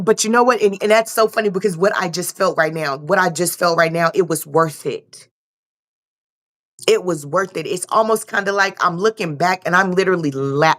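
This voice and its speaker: A young woman giving a loose, casual tarot reading and repeating herself often. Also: lowish voice. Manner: loose, repetitive, swears casually. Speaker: tarot reader.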